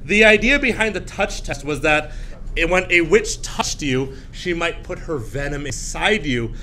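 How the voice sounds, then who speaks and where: Animated man giving a classroom lecture. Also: unhurried. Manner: animated, acts out shrill voices of frightened girls. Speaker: teacher.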